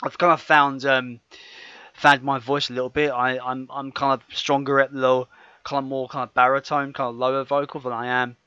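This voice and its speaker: A man's voice: mid-range voice, little pitch movement, normal speed, pushed and bright, clear, resonant tone, no room sound. Male podcast co-host, chatty and self-correcting, dry and slightly dull sound. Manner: rambling, self-correcting, laughs often. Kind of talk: casual podcast chat.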